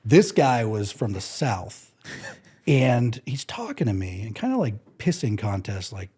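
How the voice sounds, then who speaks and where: A man, a guest musician, telling casual stories in an animated way and acting out other people's lines. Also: fairly low pitch, a little slow, husky. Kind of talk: casual storytelling.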